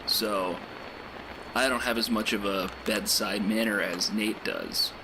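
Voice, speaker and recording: A man's voice: on the low side, fairly even intonation, a little slow, background noise, natural voice. An actor playing an awkward young male stand-in host of a late-night game radio show, rambling and self-deprecating. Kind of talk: video game voice acting.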